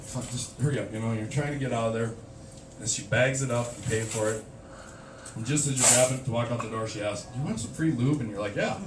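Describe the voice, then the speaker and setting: A man with a medium-pitched, steady voice talks fast while doing a crude, self-deprecating stand-up set on a small club stage. Someone in the crowd filmed it on a handheld camcorder, so the sound is roomy, distant and noisy. The audience laughs in the background.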